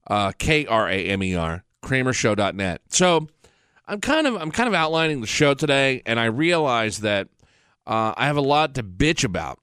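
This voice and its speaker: A middle-aged man hosts his podcast in a blunt, fired-up rant, swearing freely. His voice sits at an ordinary male pitch. The sound is dry and close, with no room around it. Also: a bit bright, clean tone, no room sound. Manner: blunt, profane, fired-up ranting. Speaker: podcast host. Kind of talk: casual ranting monologue. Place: professional studio.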